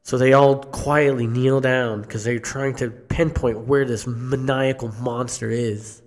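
Man, mid-pitched, unhurried and halting; live horror storytelling to a theater crowd. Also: fairly even intonation. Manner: slow, halting, with restarts and coughs. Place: theater stage before an audience.

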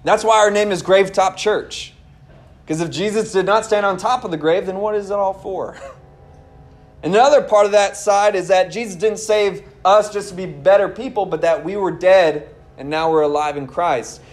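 A young man with a high-pitched voice preaches a sermon as his church's pastor, earnest and conversational, turning to listeners with casual asides. He keeps a moderate pace over soft background music.

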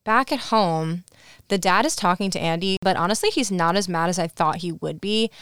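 A young woman with a low, smooth voice chats through a movie recap, slipping into quick quoted lines. She is recorded close and dry, with no room sound. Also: a bit bright, no echo. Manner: chatty retelling, quick quoted character lines. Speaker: podcast co-host. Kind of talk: casual movie recap chat.

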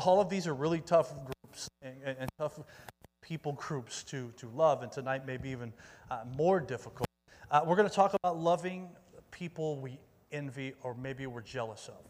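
A male youth pastor gives a casual sermon, upbeat and chatty, and he keeps rallying the crowd. His voice sits a little higher than most men's. It rings out with the long reverb of a large meeting hall. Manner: upbeat, rallies the audience, calls out for volunteers. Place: church meeting room with an audience.

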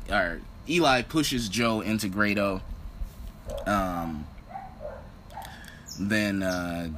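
A man's voice: lowish voice, pushed and bright, slight background noise. A man casually recapping a wrestling show, rambling with many ums and uhs and slangy asides.

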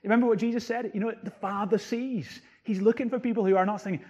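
A man's voice: sits high, brisk, dark tone, breathy edge, lo-fi sound. A man preaching a sermon, reading scripture and explaining it with rising emphasis on key words. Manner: quotes and explains scripture verse by verse. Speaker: pastor.

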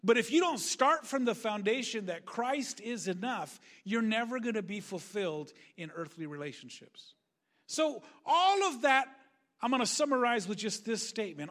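A male pastor preaching a sermon, animated, acting out quoted voices and shifting between loud and quiet. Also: high-pitched. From Northern California.

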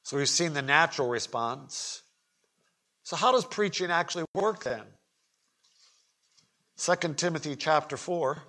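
A man preaching a sermon at a church pulpit, swinging from quiet asides to shouted emphasis, with folksy humor and questions to the congregation. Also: a little high, unhurried, pauses often. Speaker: pastor. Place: church sanctuary.

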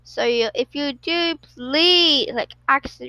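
A woman's voice: sits high, slow pace, sharp tone, dry recording, poor audio. A young woman hosting a casual solo podcast, rambling with lots of fillers and giggles. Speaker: podcast host.

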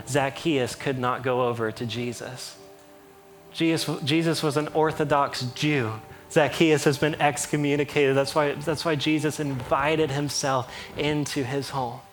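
A man preaching a sermon in an animated way, with playful asides and acted-out quotes. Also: medium pitch. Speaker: pastor.

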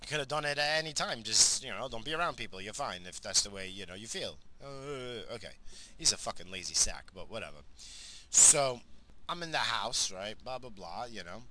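A man's voice: lowish voice, animated, fairly quick, noisy background. A middle-aged man telling a rambling, profane story about his family in a casual vlog. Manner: rambling, profane, lots of fillers. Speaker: vlogger, father.

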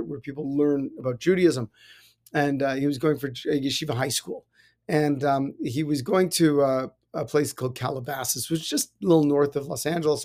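A man, a rabbi, giving a casual spiritual talk and telling personal stories, animated with many restarts. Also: a little high. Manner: animated storytelling with frequent restarts and laughs. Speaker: rabbi, podcast host.

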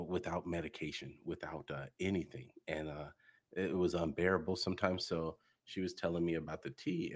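Very deep-voiced easygoing man. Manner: easygoing, searching for words with many fillers. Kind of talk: casual chat.

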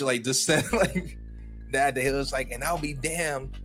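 A man hosting a solo podcast in casual chat, rambling with lots of fillers and quick apologies. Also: mid-range voice, a bit bright, soft background music. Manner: rambling and self-interrupting, heavy on fillers and apologies. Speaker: podcast host.

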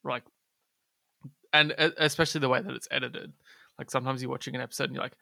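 A man's voice: mid-range voice, steady tone, quick pace, gravelly, sharp tone, dry recording, clean studio sound. A man co-hosting a podcast in casual chat, teasing his partner and thinking aloud as he talks. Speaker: podcast co-host.

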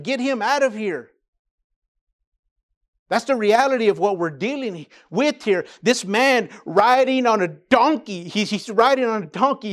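Male pastor, high-pitched, sermon delivery with rising emphasis.

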